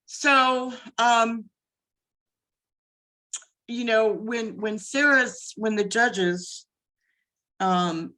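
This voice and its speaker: Older lady telling her story real slow and earnest, interview chat. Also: on the high side, bright, forceful tone, rough recording. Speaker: guest, mother. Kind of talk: emotional personal testimony.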